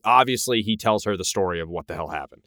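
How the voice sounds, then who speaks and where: A man's voice: on the low side, expressive, fast talker, sharp tone, no room sound, clean studio sound. A man co-hosting a podcast, recapping an episode in casual chat, swearing now and then and acting out characters' lines. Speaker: podcast co-host.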